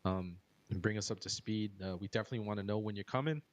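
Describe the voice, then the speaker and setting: A man from the United States with an American accent, hosting a podcast in a relaxed, joking way. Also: on the low side, fast talker, dull audio. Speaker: podcast host. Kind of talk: casual podcast chat.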